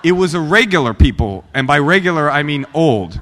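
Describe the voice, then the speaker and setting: A man's voice: a little high, big pitch swings, fairly quick, fairly bright tone, a little hiss or hum. A man in his forties from Oakland, California, telling his recovery story to a meeting in a self-deprecating, joking way. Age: 40s. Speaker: guest speaker at a recovery meeting. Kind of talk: personal recovery talk to a live audience. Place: meeting hall. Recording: long hall reverb.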